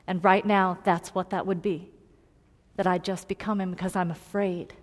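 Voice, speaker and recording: A woman preaching a personal story in a sermon, earnest and confiding, moving between loud emphasis and hushed tones. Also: fairly low pitch, little pitch movement, normal speed. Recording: long hall reverb.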